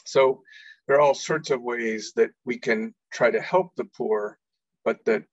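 A man's voice: medium pitch, unhurried, no echo. A man giving an earnest faith-based talk as an organization leader, often repeating words as he starts a phrase. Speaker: executive director giving a talk. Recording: dull lo-fi recording.

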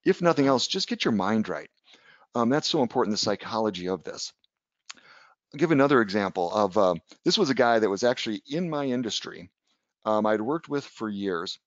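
A man's voice: lowish voice, animated, moderate pace, no echo, lo-fi sound. A man teaching about trading in a casual webinar lecture, conversational, telling anecdotes and checking in with "right?". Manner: conversational, tags points with "right?", tells anecdotes. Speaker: trading educator.

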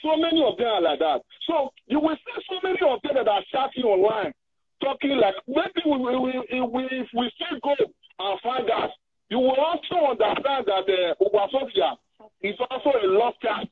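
A man's voice: extremely high pitch, animated, moderate pace, husky. A man from Nigeria, hosting a heated opinion talk show in an indignant, repetitive, rambling way. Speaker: host. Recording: tinny phone line.

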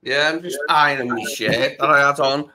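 Bright-voiced man chatting at home. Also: mid-range voice, fairly quick. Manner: chatty, laughs at himself. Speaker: guest on a live stream. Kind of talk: casual chat.

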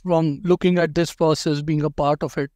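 A man hosts an interview in a direct, advising way, sometimes doubling words as he pushes a point. His voice sits a little high. The sound is dry and close. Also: flat delivery, normal speed, dark tone, no room sound. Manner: direct, advising, repeats words when emphasizing. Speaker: host interviewing a dental school applicant. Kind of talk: conversational interview.

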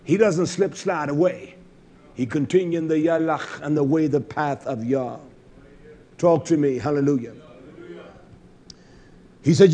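A man preaching a fiery sermon, swinging between low muttering asides and shouted, high-pitched exhortations, cursing bluntly. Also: unhurried, pauses often.

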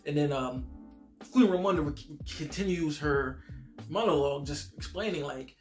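A man's voice: on the high side, normal speed, a little mellow, faint music behind. A man giving a casual, enthusiastic spoken film review, slangy and full of restarts.

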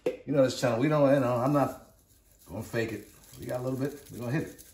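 His voice is mid-range and darkish, with a steady tone and a quick pace, and there's slight background noise. He's a hyped, chatty host of a casual cooking video who keeps repeating catchphrases to viewers as he cooks indoors at home, then moves out to the backyard grill. The recording is echoey camera audio captured from a distance.

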